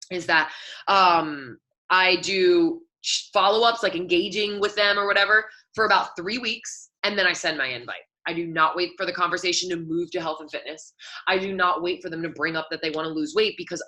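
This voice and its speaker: Fast-talking bright-voiced woman coach. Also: on the low side, rough recording. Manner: chatty, filler-heavy, candid. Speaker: fitness coach and team leader. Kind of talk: casual live coaching talk.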